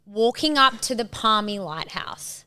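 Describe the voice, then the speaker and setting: Woman, podcast co-host, bright voice, brief reactions, teasing asides. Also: on the high side, lively intonation, measured pace, clean tone. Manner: supportive listener, short reactions and teasing asides. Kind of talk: casual chat.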